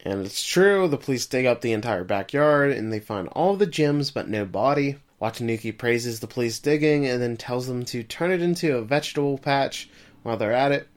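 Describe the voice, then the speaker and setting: A man's voice: medium pitch, animated, moderate pace. A man co-hosting a podcast, summarizing the plot of an episode in a casual way and turning to his co-host with questions. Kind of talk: casual recap chat.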